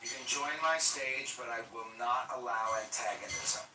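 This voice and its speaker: A man hosting a live-stream, calm and questioning as he moderates callers. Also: mid-range voice, moderate pace, music in the background. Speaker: host. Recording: echoey, distant stream with noise.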